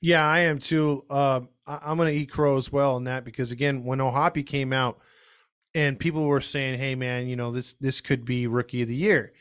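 A man's voice: mid-range voice, steady tone, moderate pace, clear, resonant tone. Rambling guest co-host, man. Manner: rambling, storytelling. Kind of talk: casual sports podcast chat.

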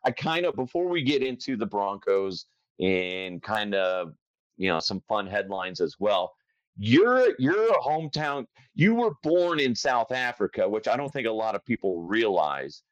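A man hosting a podcast, chatting and joking quickly with a guest. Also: lowish voice, no room sound, highs cut off. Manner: jokey, quick, animated. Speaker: podcast host. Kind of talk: casual interview chat.

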